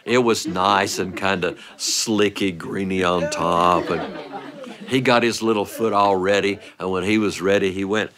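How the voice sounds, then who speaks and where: A man performing a playful family story for listeners, animated and often breaking into laughter. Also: low voice, a little slow, a crowd in the background.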